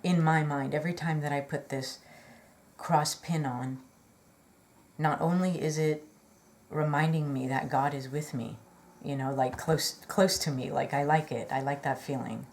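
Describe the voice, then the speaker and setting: A woman's voice: low voice, steady tone, unhurried, darkish tone. A woman telling a personal story in a chatty, rambling way, earnest and full of fillers and apologetic asides. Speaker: vlogger.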